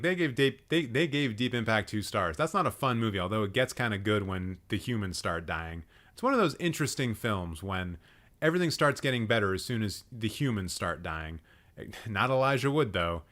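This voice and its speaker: Sarcastic man roasting, lively and bright. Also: lowish voice. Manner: exasperated, sarcastic, swears a lot. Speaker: livestream host. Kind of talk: live roast commentary.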